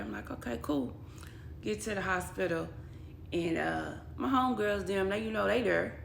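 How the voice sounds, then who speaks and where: Gravelly-voiced woman telling her own story. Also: mid-range voice, moderate pace, long pauses. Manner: blunt and emotional, quotes others in dialogue. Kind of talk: personal storytelling vlog. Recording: echoey room with faint background noise.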